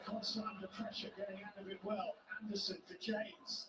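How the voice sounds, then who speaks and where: A man giving live football match commentary in a measured, analytical way. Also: high-pitched, little pitch movement, crowd noise. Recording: distant TV broadcast in a roomy space.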